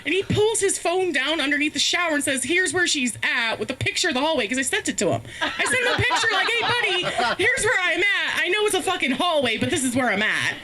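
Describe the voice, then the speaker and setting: A woman's voice: high-pitched, lively intonation, quick pace, hardly any pauses. A woman telling a rambling, profane, self-mocking story as a stand-up comedian, laughing often. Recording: faint background noise, live stream.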